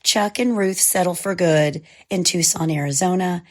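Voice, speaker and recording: A woman with a hoarse voice from a cold, co-hosting and narrating a true crime podcast in a measured, scripted way. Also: on the low side. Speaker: podcast co-host.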